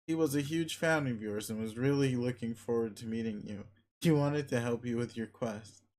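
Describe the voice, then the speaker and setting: A man reads a webcomic aloud as its narrator, his delivery dry and mocking. His voice sits at an ordinary middle pitch for a man. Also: moderate pace, a little mellow. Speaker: webcomic reader.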